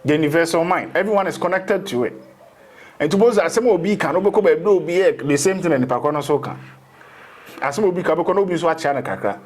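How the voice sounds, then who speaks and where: A man's voice: a little high, quick pace. A man, a spiritual teacher in a casual interview, rambling through explanations and slipping into local phrases.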